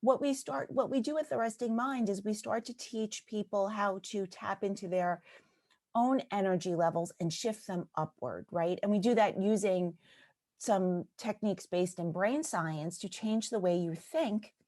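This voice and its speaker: A woman's voice: medium pitch, moderate pace, a little mellow. A woman from New York, a business and life coach, speaking as a guest in a casual podcast conversation, earnest and often checking in with "right?".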